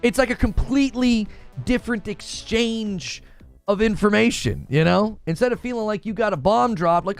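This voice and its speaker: A man hosting a casual livestream, chatting excitably, repeating himself and reacting to his chat. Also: high voice, normal speed, soft background music. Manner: animated, excitable, repeats himself, shouts when cheering. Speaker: livestream host.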